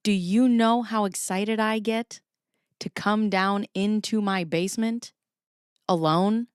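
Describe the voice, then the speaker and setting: A woman's voice: medium pitch, steady tone, takes it slowly, clear, resonant tone, dry recording, studio quality. Chatty, profane woman livestreaming from her basement. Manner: profane, chatty, laughs often. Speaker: livestream host. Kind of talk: casual livestream commentary. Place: home basement. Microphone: camera pointed at herself.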